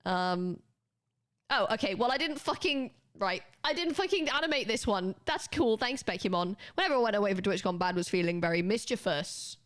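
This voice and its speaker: A woman's voice: mid-range voice, lively intonation, normal speed. A British woman streaming live, chatting casually and laughing often as she teaches a spelling lesson to her viewers.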